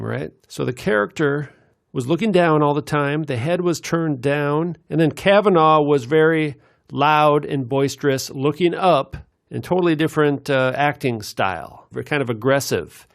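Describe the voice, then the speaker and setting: A man giving rambling commentary over video clips, meandering with many filler pauses. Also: on the high side, gravelly, dry recording, clean studio sound.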